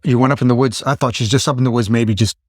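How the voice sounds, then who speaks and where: Animated storytelling man in his fifties. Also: mid-range voice, fast talker, no room sound, studio quality. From Pennsylvania. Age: 50s. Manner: animated, acts out his own thoughts in exclaimed asides. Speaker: podcast host. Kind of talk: casual storytelling chat.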